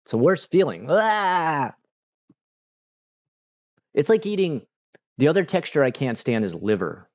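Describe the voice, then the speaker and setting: A man with a warm, mid-range voice hosts a livestream, very animated and fairly quick as he answers his chat. His style is relaxed and slangy, heavy on fillers, and the audio is dull and lo-fi.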